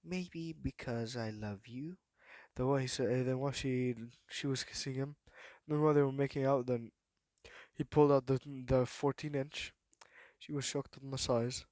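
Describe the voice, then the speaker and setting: Man, rambling improvised storyteller, lots of fillers and restarts, medium pitch, dry close sound. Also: level tone, a little mellow, no room sound. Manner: halting, full of fillers and repeated "then what?".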